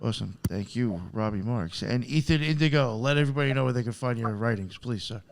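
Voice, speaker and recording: A man's voice: mid-range voice, gravelly. A man hosting a podcast over a video call, politely wrapping up and passing the turn to each guest. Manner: brisk, polite, directing turns. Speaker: podcast host.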